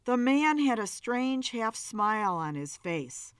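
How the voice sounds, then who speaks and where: A woman reading a noir story aloud with expressive, measured narration. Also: a little high, clear, resonant tone, dry recording, clean studio sound.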